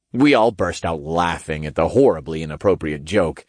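A man narrating an audiobook in the first person, with lively, expressive storytelling. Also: rumbling low, moderate pace, few pauses, no echo, clean studio sound.

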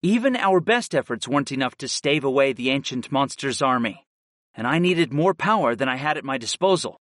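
A man narrating a first-person fantasy audiobook in a steady, earnest way. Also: mid-range voice, a little fast, dry recording, clean studio sound.

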